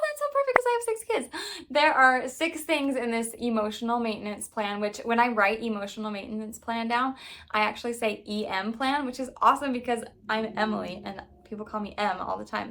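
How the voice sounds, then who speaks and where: A woman in her thirties chatting candidly to camera as a mom vlogger, full of "like" fillers and sudden lively jumps when excited. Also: medium pitch, gravelly. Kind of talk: casual chat to camera.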